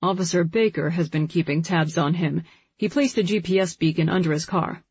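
A woman reads a first-person novel aloud in a measured, heartfelt way. Her voice is husky and lowish. The recording is dry and slightly dull. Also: fairly even intonation, a little mellow, dry recording. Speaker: audiobook narrator. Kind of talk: first-person scripted narration.

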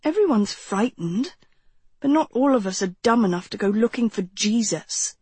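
A woman voicing a serious, kind eighteen-year-old young man in an audiobook, dropping her voice low and quiet. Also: lively intonation, moderate pace, husky, no echo. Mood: calm. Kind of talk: audiobook character voice.

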